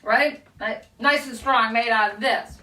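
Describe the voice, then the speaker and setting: A woman's voice: fairly high pitch, a little slow, recorded from a distance. A middle-aged woman telling a story to children on a live video, asking them questions as she goes. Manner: animated, questioning the kids, gasps and laughs. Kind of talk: read-aloud storytelling for children. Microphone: live video stream. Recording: echoey room, away from mic.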